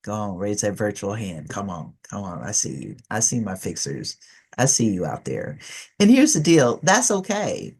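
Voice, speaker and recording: A woman's voice: rumbling low, very animated, moderate pace, darkish tone, slightly rough. A middle-aged woman giving a conversational presentation as a trainer in an online session, telling stories with animation and coaxing listeners to join in.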